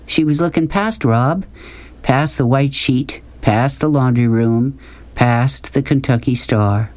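A man narrating an audiobook in a calm, even storytelling voice. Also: mid-range voice, takes it slowly. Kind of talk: scripted narration.

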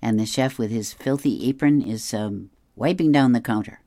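A middle-aged woman reading newspaper comics aloud, describing each panel in a relaxed, amused way. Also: very deep voice, normal speed, no room sound. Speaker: comic strip reader.

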